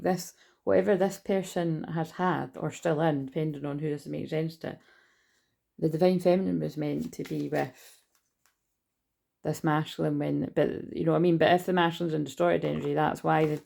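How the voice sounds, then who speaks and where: A woman's voice: low-pitched, fairly even intonation, normal speed, vocal fry, dark tone. A woman giving a casual, rambling tarot reading, listing card meanings and swearing freely. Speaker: tarot reader.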